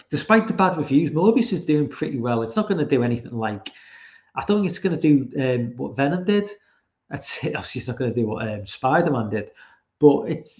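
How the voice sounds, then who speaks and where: A man's voice: mid-range voice, darkish tone, dull audio. Rambling, sweary male podcast host. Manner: rambling, sweary, full of fillers. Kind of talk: casual livestream chat.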